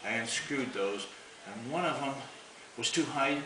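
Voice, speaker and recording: A man's voice: medium pitch, unhurried. Folksy man telling a rambling story. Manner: rambling and folksy, chuckling often. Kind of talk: casual spoken storytelling. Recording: roomy, distant, noisy home recording.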